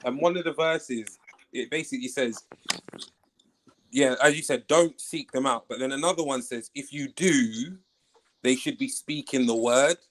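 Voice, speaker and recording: A man's voice: medium pitch, moderate pace, a bit bright, slight background noise, poor audio. A man in a casual online panel debate, reading scripture aloud at length and arguing his reading.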